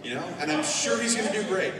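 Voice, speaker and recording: A man speaking as a guest on a convention panel, animated and laughing often as he answers fan questions. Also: sits high, quick pace. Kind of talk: live Q&A panel. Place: large convention hall. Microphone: far recording from the audience. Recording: echoey hall recorded from far off, crowd.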